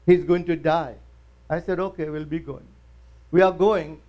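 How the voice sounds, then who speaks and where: A man's voice: a little high, fairly even intonation, moderate pace, mellow, highs cut off. A male pastor preaching in church, telling a story with acted quotes and emphatic rises. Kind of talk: sermon.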